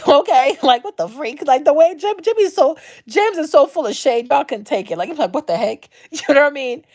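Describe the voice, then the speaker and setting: A vlog host rants unscripted on her own channel, blunt, profane, and full of slang, repeating her points for emphasis. Her high voice is expressive and a little mellow, and she speaks fairly quickly.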